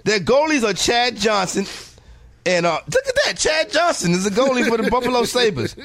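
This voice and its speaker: A man's voice: extremely high pitch, very animated, normal speed, a bit bright, dry recording. A man hosting a radio show, chatting casually and joking as he stumbles through a list of names. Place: radio studio.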